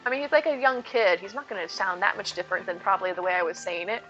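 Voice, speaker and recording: A woman's voice: medium pitch, fast, few pauses, lo-fi sound, faint music behind. An adult woman streaming a game, chatting casually and answering viewers. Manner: chatty, reads chat aloud, lively. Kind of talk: casual chat while gaming.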